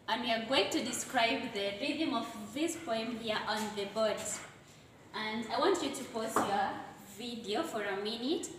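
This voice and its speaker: A woman's voice: on the high side, far from the mic, slight background noise. A woman teaching English literature at a board, explaining step by step and correcting herself as she goes. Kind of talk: classroom lesson at a board. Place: room with a board. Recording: very echoey room, away from the mic.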